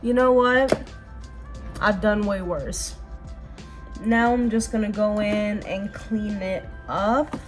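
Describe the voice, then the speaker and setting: A woman's voice: mid-range voice, steady tone, takes it slowly, long pauses, music in the background. A young woman vlogger talking earnestly and casually while doing her makeup, rambling with fillers. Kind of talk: casual get-ready-with-me chat.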